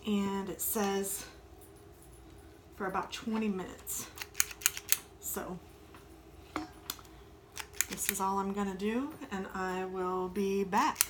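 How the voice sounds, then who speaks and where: A woman talks at an unhurried pace in a casual home baking vlog, chatty and cooing sweetly at her dogs. Her kitchen is noisy, and dishes clatter and utensils click behind her voice. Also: mid-range voice, steady tone. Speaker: home baking and crafting vlogger.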